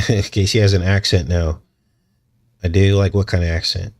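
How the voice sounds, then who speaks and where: A man with a fairly low voice hosts a casual livestream. He rambles from point to point, chuckles often and speaks straight to viewers in the chat. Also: slow pace, pauses often. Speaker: channel host.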